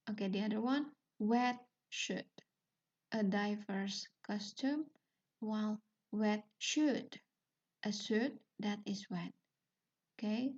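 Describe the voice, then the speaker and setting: A woman's voice: medium pitch, warm tone. A woman with an Indonesian accent lecturing on linguistics. She repeats key terms and checks in with frequent "yeah" and "okay.". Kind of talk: recorded lecture. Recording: distant, dull lo-fi sound.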